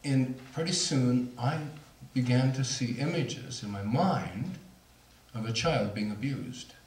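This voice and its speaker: A man's voice: medium pitch, expressive, slow pace, a little mellow. A middle-aged man speaking to an audience, telling a personal story in a candid, self-mocking way with laughs. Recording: roomy hall, voice from far off.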